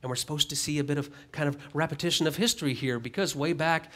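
A man's voice: on the high side, quick pace, a bit bright. Conversational male pastor preaching a sermon. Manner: conversational, reads scripture then comments with light humor. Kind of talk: expository sermon, reading scripture aloud.

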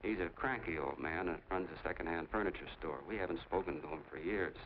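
A chatty small-town soda jerk. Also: male voice, deep voice, fairly quick. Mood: eager. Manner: chatty, rambling storyteller. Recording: tinny 1940s film soundtrack, faint hiss.

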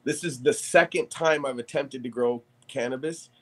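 A man, a podcast guest, telling a story in casual chat, animated and profane, laughing as he talks. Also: medium pitch, moderate pace.

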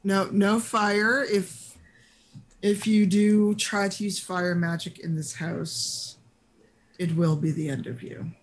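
The game master voicing a weary male elf dog owner who sighs and talks slowly in exasperation. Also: high voice, little pitch movement. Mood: exasperated.

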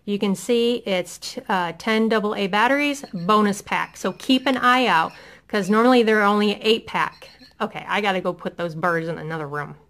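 This is casual haul talk from a middle-aged Indiana woman, a vlogger going enthusiastically through products at home with frequent ums. Her pitch is medium, her pace moderate, and her tone fairly bright.

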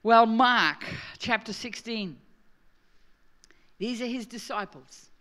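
A middle-aged Australian woman preaching a sermon, joking and swinging from quiet asides to loud emphasis. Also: fairly high pitch, slow. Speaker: pastor.

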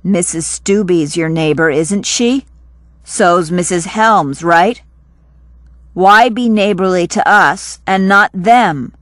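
A woman's voice: fairly low pitch, takes it slowly, no room sound, voice pushed down. A woman reading the lines of an earnest, awkward teenage boy who talks bluntly and evasively.

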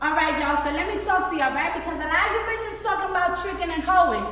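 A woman's voice: very high-pitched, fast talker, sharp tone, heavy reverb, big-room sound, recorded from a distance, slight background noise, low-quality recording. A woman talking casually to camera, brash and profane, blunt in her manner. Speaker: celebrity vlogger.

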